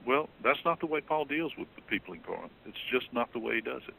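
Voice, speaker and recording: A man in a theological discussion, explaining earnestly and jumping up in pitch when he quotes someone. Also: lively intonation, fast talker, gravelly, bright, forceful tone, slight background noise, poor audio. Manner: earnest, explanatory, rises sharply when quoting. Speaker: theologian being interviewed.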